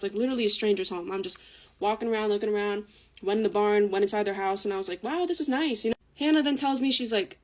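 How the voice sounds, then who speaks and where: A young woman telling a casual storytime while doing her makeup, chatty and full of swearing and fillers. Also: mid-range voice.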